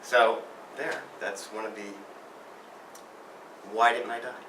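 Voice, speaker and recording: A man's voice: lowish voice, level tone, takes it slowly, pushed and bright. A man telling a rambling, self-mocking story about a near-miss on his bike. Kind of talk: personal storytelling. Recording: roomy, distant mic, faint noise.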